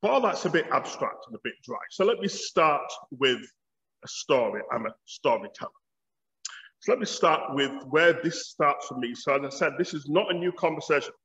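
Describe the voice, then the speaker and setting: A man's voice: on the high side, lively intonation, moderate pace, bright, forceful tone. A man in his fifties with a Yorkshire accent, giving a public lecture as a theology professor in a wry, storytelling way. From Bradford, Yorkshire, England. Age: 50s. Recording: dull audio with long hall reverb.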